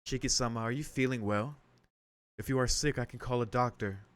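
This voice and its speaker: A man voicing a polite, quiet young maid woman in a visual novel, speaking softly and formally. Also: medium pitch, a little fast, lightly acted. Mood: worried. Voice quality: soft, formal and calm.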